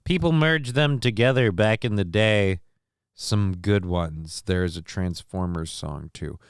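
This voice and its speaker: A man hosting a livestream show, talking in a casual, rambling way with frequent swearing and halting fillers. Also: low voice, clean tone, dry recording.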